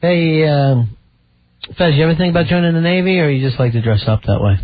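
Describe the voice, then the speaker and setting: A man hosting a talk radio show, wisecracking and quick. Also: on the high side, narrow, tinny audio. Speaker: radio host.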